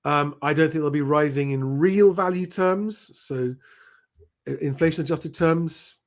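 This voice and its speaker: A man hosting a live stream, answering viewer questions in a relaxed, conversational way with frequent "um" fillers. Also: fairly high pitch, measured pace.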